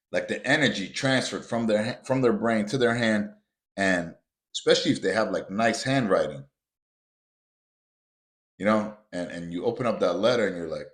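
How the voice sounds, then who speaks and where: A man's voice: on the low side, a bit bright. A man hosting a motivational podcast, talking bluntly and emphatically straight to his listeners and swearing freely. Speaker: podcast host.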